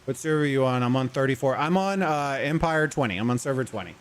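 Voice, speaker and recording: A man's voice: mid-range voice, expressive, quick pace, clean tone. A man hosting a casual gaming livestream, talking loosely, rambling and greeting viewers from chat, with faint music behind him. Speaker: livestream host. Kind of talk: casual gaming stream commentary.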